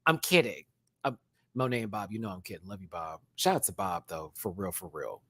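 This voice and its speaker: A man reviewing a reality show on a livestream, chatty and animated, swinging between loud bursts and hushed asides. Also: deep voice, a little fast, breathy edge. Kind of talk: casual livestream commentary.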